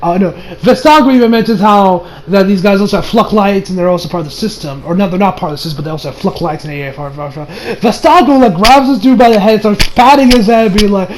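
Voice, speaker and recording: High-voiced excitable young man reviewing. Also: quick pace, hardly any pauses, background noise. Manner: excitable, profane, laughs often. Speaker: anime reviewer. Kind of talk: casual review commentary.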